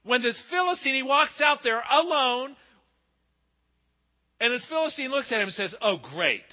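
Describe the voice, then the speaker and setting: A man preaching a sermon emphatically, asking rhetorical questions and swinging between loud and hushed delivery. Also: extremely high pitch, normal speed. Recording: muffled with long hall reverb.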